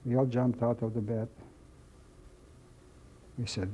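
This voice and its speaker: An older man from Czechoslovakia, telling his life story in an oral history testimony, halting and slow, repeating phrases as he remembers. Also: mid-range voice, little pitch movement, dark tone, breathy edge. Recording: dull lo-fi recording, faint hiss.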